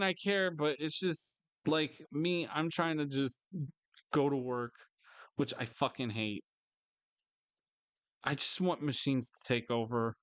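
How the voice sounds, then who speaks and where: A frustrated vlogger rants alone, swearing freely and circling back over the same complaints, sometimes breaking into higher, mocking voices. His voice is smooth, clear, a bit bright, and mid-pitched, recorded close and dry with no room sound.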